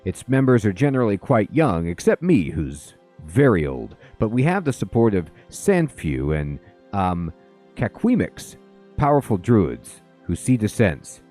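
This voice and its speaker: A man's voice: fairly low pitch, very animated, a little slow, dark tone, soft background music. A man reading out the lines of a very old man who leads a secret group, in his own plain voice. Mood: earnest. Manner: read aloud plainly from on-screen dialogue.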